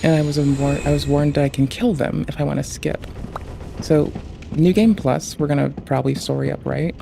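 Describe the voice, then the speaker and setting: Give me a cursing, gravelly male streamer. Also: steady tone, moderate pace, noisy background. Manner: profane, heated outbursts at the game; muttering low and grumbling between fights. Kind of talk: live gameplay commentary. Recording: loud game music behind voice.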